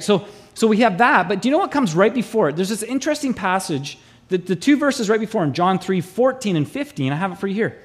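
A male pastor preaching a sermon to his congregation, animated and acting out voices in the stories he tells. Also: high-pitched.

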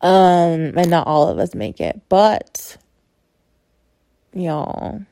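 A woman's voice: on the low side, very animated, drawn-out words, gravelly, dark tone, dry recording, studio quality. A young woman in her twenties telling a frank personal story to her listeners in a chatty, candid way. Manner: chatty, candid, filler-heavy. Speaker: podcast host. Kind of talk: casual storytelling to an audience.

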